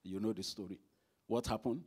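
A man's voice: fairly low pitch, a little fast, darkish tone, husky. A man preaching a sermon at a church service, emphatic and asking the congregation rhetorical questions.

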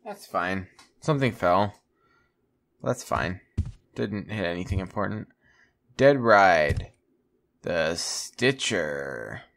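A man's voice: sits low, animated, creaky, fairly bright tone. Wry man giving gameplay commentary. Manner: wry, jokey, drawn-out. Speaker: gamer playing on a channel. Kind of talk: let's play commentary.

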